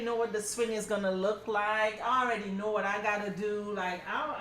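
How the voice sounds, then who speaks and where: A middle-aged woman teaching a crafting class, telling stories in a casual, animated way and calling her students y'all. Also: mid-range voice, moderate pace, hardly any pauses, slight background noise. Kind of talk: casual class talk, storytelling. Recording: very echoey room from a distance.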